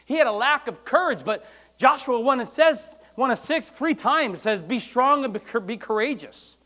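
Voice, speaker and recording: A man pastor from the United States preaching a sermon, animated and acting out quoted lines with loud bursts. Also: very high-pitched, normal speed. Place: church.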